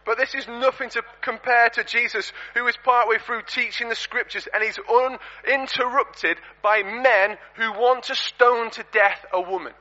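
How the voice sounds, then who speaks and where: Animated preacher, bright voice. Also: male voice, very high-pitched, a little slow, hardly any pauses. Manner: animated, conversational, rhetorical questions. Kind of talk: storytelling sermon. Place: church. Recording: dull lo-fi recording.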